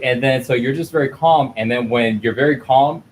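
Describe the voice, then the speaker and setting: A man hosting a casual chat while stretching, animated and acting out the voices he quotes. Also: mid-range voice, a little fast, few pauses, slight background noise. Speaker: host.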